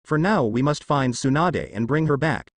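A man reading as a composed old woman on a village council who speaks in a measured, formal way. His voice stays at a middle pitch with lively movement. It is recorded dry and close. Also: dry recording.

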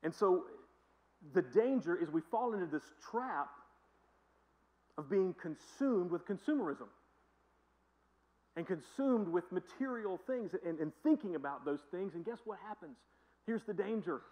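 High-voiced man preaching conversationally. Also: animated, a little slow, pauses often, muffled recording. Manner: conversational, emphatic storytelling preacher. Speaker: pastor. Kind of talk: sermon. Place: church.

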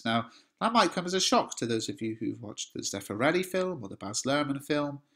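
A man in his thirties with an English accent teaches a play, reading quoted lines louder and higher and then dropping into relaxed, filler-filled explanation. His voice sits at a middling pitch. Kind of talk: lesson, reading and paraphrasing a play.

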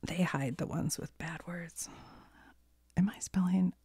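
A woman with a cold chatting in a soft-spoken ASMR style, half-whispering and rambling, laughing often, close to the mic. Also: on the low side, unhurried, breathy edge. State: has a cold. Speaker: ASMR creator.

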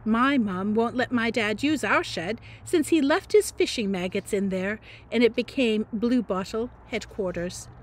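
A teacher reading a novel aloud in a dramatic, playful voice, with chatty asides. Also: female voice, on the high side, measured pace, few pauses. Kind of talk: expressive read-aloud narration.

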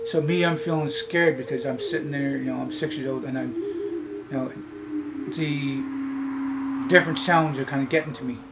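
A man from Canada, telling a childhood story in a vlog, in a halting, rambling way with many fillers and restarts. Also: mid-range voice, steady tone, heavy background noise. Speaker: vlogger. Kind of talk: casual storytelling. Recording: loud music behind the voice.

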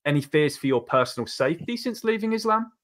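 English host from the southeast. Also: male voice, a little high, expressive, quick pace, fairly bright tone. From southeast England. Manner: rambling questions with many fillers. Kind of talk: casual interview chat.

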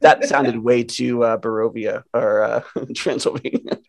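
A man co-hosting a relaxed podcast at a middle pitch. He jokes constantly, stumbles over restarts and laughs partway through his sentences. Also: vocal fry. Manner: joking, halting restarts, laughs mid-sentence. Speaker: podcast co-host. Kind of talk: casual chat.

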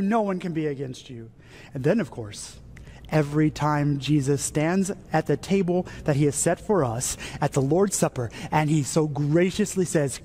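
A man's voice: moderate pace, breathy edge. Fervent male pastor preaching a sermon. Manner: swells high and loud, then drops to a soft whisper. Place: church sanctuary.

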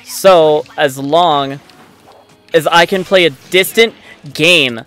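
A man giving live commentary on his own gameplay, excitable and frustrated, swearing often. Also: fairly high pitch, slow. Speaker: let's play gamer. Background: faint game music.

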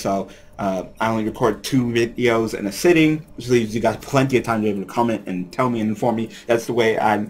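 A man's voice: on the low side, a little hiss or hum. Rambling let's play man. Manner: rambling, filler-heavy, laughs often. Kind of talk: casual gameplay commentary.

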